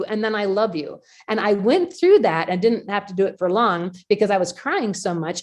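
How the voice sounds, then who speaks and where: A woman hosting a podcast, telling a personal story in a chatty, animated way, acting out her own past reactions. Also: mid-range voice, normal speed. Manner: chatty, with frequent fillers and laughs. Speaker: podcast host. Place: community call or podcast recording.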